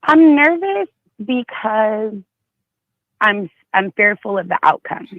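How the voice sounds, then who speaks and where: Woman caller, gravelly voice, hesitant, muffled dry line. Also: medium pitch, very animated, slow, dry recording. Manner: hesitant, worried, with restarts. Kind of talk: phone call-in chat.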